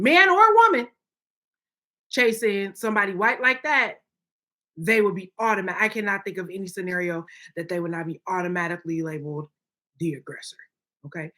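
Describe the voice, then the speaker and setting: A woman's voice: mid-range voice, normal speed, bright, forceful tone. A woman co-hosting a podcast, giving her opinions emphatically and often checking in with "okay?". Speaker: podcast co-host. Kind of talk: opinionated casual chat.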